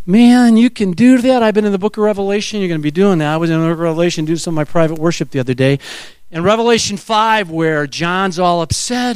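A middle-aged male pastor preaching a sermon, animated and acting out little scenes as he talks. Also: high-pitched, clear, resonant tone, no room sound. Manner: animated, acts out voices and quotes.

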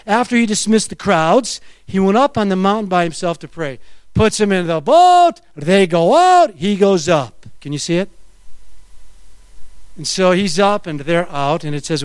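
A middle-aged male pastor delivers a sermon in a notably high voice. He is dramatic, leaping from near-shouts to hushed, intimate tones. The recording is close and dry, with no room sound. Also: clear, resonant tone, dry recording.

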